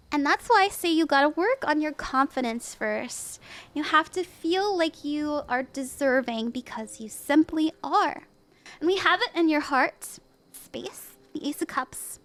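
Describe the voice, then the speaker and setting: A woman hosting a casual live-stream tarot reading, bubbly, giggly and encouraging as she gives advice. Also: high-pitched. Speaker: tarot reader and livestream host.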